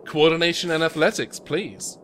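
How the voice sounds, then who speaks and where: A man narrating a tabletop game as game master in a relaxed, halting way, recorded remotely. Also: fairly high pitch, slight background noise. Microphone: remote call mic.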